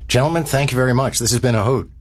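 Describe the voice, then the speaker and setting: A man's voice: medium pitch, very fast, no room sound. A man hosting an interview, giving polished introductions and questions. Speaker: radio or TV host. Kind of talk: broadcast interview.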